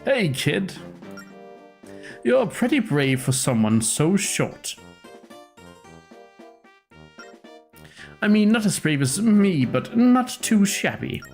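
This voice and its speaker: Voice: medium pitch, sing-song, slow pace, a little mellow, soft background music, voice pushed up. A streamer voicing a cocky, cowardly male ship captain with a smug, wheedling manner. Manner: smug, wheedling, talks down to a kid. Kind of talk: voicing game dialogue live.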